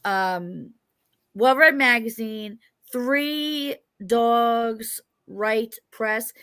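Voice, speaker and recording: Speaking very slowly, a New York woman hosts a casual interview with a chatty, joking, rambling manner and a New York accent. Her fairly high voice is sharp, clear and resonant.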